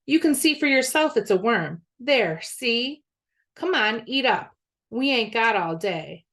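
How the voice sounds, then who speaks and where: An impatient, scheming boy who hurries everyone along, as a woman voices him. He sounds bossy and a little raised in pitch. The storybook voice carries a gravelly rasp. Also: expressive, measured pace, fairly bright tone. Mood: pushy.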